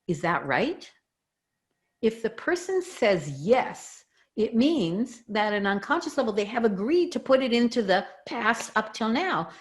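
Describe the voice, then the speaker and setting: A middle-aged woman, a communication expert, explaining her ideas as a guest in an interview and walking through examples. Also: fairly high pitch. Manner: animated, teaching with examples.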